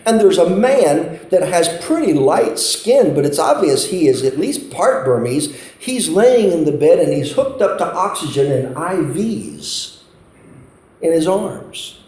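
A man's voice: fairly high pitch, warm tone. Impassioned preacher man in an echoey hall. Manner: impassioned storytelling with pleading emphasis. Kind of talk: sermon. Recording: roomy hall echo.

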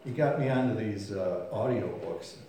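A man's voice: fairly low pitch, normal speed, mellow, a little hiss or hum. A man preaching a sermon in a folksy, storytelling way, acting out voices and sounds. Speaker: pastor. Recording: very echoey room.

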